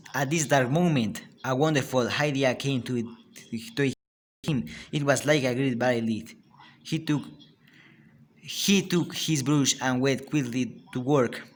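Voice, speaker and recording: A man with a Spanish accent, a native Spanish speaker and a student, reading a story aloud in a halting way with frequent restarts. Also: medium pitch.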